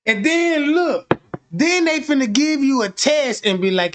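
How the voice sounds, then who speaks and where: A man with a high voice rattles off a profane comedic rant, acting out each scene with animated energy. He sounds like a streamer riffing to his audience. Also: normal speed. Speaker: streamer commentator.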